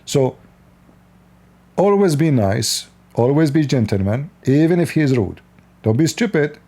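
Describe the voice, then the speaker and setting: A man's voice: mid-range voice, expressive, a little slow, warm tone. A man from the East, hosting a livestream and giving blunt, lecturing advice with frequent laughs. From Middle East. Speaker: livestream host. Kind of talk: casual advice talk.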